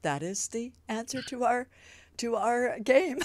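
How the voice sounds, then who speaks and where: A woman's voice: on the high side, expressive, measured pace, no room sound. A woman hosting an interview show, chatting casually and with effusive enthusiasm. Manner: enthusiastic, effusive, laughs often. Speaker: talk show host.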